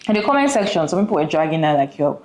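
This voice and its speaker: Woman, low voice, host, earnest commentary, questions to viewers, restarts sentences. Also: big pitch swings, rapid-fire, a little mellow, low-quality recording. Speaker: host reacting to a clip.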